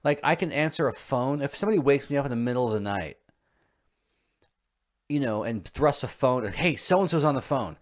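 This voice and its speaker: A man's voice: medium pitch, fairly quick, long pauses. A man with a mid-range voice co-hosting a podcast. He talks in a chatty, meandering way, filling his sentences with "like" and "um" as he wanders through an anecdote. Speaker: podcast co-host. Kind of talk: casual podcast chat.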